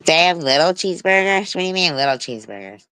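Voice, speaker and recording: A woman's voice: fairly low pitch, animated, fast talker, bright, forceful tone, smooth, dry recording. A woman in her forties telling stories on a casual livestream, blunt and swearing freely. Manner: blunt, heavy swearing, storytelling. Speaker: livestream host.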